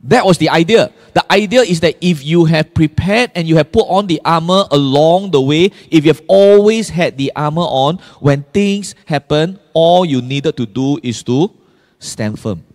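Pastor preaching in a reverberant hall. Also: male voice, a little high, normal speed, a little mellow. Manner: emphatic, asks the congregation frequent rhetorical questions. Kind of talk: sermon.

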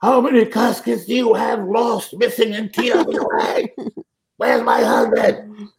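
A man's voice: high voice, expressive, normal speed, a little mellow, pitched above the performer's own voice. A man putting on a shrieking, furious widow. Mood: hysterical. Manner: screaming, hollering.

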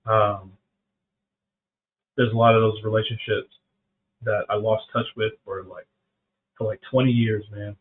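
A man's voice: on the low side, flat delivery, measured pace, pauses often, slight background noise. A middle-aged man from South Carolina hosting a faith podcast, talking casually and earnestly, often saying "man" and restarting his sentences. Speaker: podcast host. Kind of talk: reflective faith talk. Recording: phone-like narrow band.

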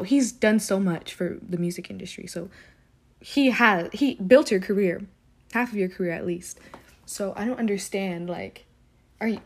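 Young woman ranting with frequent fillers. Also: mid-range voice. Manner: frustrated, rambling with many fillers. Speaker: commentator. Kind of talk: casual monologue.

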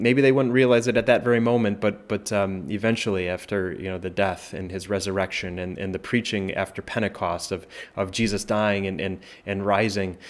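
Conversational pastor, a man with a lowish voice. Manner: conversational, many "right?" tag questions and restarts, rises when voicing Jesus. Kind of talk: informal Bible study teaching.

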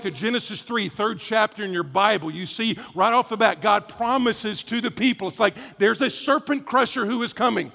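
A pastor delivers a sermon in a high, gravelly man's voice. He preaches in a lively, conversational way, acting out little asides. The sound rings with the long reverb of a large hall.

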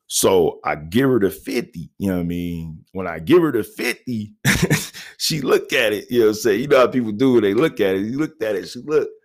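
A man spins a personal anecdote in a relaxed, slangy way, laughing often as he goes. His voice sits fairly low but swings widely in pitch. He keeps pulling the listener in with constant check-ins. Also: normal speed. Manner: laid-back slangy, constant "you know what I mean"; laughs often while telling. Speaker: storyteller. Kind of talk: casual storytelling anecdote.

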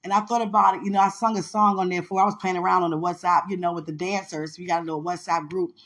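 A woman's voice: lowish voice, fairly even intonation, fast. Chatty laughing woman host. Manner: chatty and upbeat, laughs often, breaks into song; testifying with religious thankfulness. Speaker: podcast host. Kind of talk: casual solo chat.

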